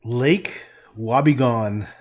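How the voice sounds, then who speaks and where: A man's voice: medium pitch, very slow, a little mellow. A man painting on a livestream, rambling, joking and swearing as he talks to his chat.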